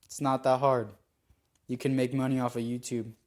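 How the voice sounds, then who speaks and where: A man's voice: mid-range voice, flat delivery, normal speed, a little mellow. A young man giving rambling, self-critical commentary over a football video game, with frustrated outbursts. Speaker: gaming YouTuber. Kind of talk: gameplay commentary.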